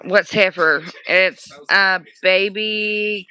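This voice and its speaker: A livestreamer with a drawl talks slowly in a tired, hoarse voice. The tone is bright and smooth under the wear. It is a rambling, apologetic stretch of casual chat. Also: mid-range voice, fairly even intonation, rough recording. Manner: slow, rambling, apologetic talk. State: hoarse, worn-out voice.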